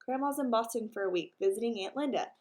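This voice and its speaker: A woman reading the lines of a gentle, practical mother. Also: fairly high pitch, fast, close to an everyday voice. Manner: gentle, reasonable.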